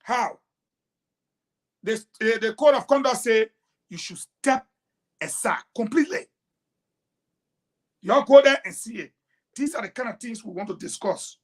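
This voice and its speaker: A woman giving heated political commentary on a talk show, emphatic and combative, swinging between loud outbursts and quiet asides. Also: on the high side, animated, measured pace, pauses often.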